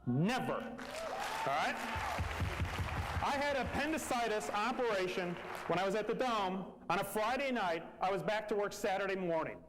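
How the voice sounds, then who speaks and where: A man's voice: sits high, expressive, normal speed, background noise. A man, telling a personal story earnestly and repeating phrases for emphasis. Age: 40s.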